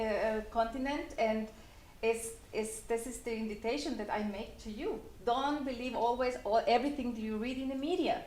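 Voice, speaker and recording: A woman from El Salvador, serving as ambassador, telling a relaxed personal story at a forum. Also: fairly high pitch. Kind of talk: anecdotal speech at a forum. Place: conference hall. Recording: roomy hall sound.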